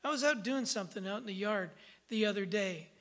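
A woman's voice: medium pitch, a little fast, fairly bright tone. A woman pastor preaching a sermon, emphatic and checking in with the congregation with frequent "okay" and "amen".

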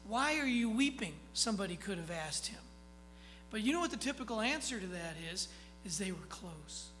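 A pastor preaching a sermon in a conversational way, often checking in with the listeners and reading scripture aloud slowly with emphasis. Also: mid-range voice, a bit bright, a little hiss or hum, rough recording. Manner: conversational, keeps checking in with "okay?".

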